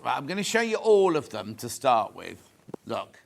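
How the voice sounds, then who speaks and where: A man's voice: mid-range voice, very animated, a little fast, creaky. An English man presenting a live shopping show, chatting jokily, reading out viewer messages and showing fabrics. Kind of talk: live home shopping chat. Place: TV studio.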